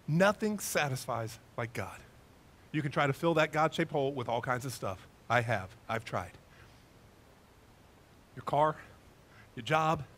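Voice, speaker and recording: A man, a pastor preaching a sermon in a church, lively and conversational, telling stories to his congregation. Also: medium pitch, slight background noise. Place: church sanctuary.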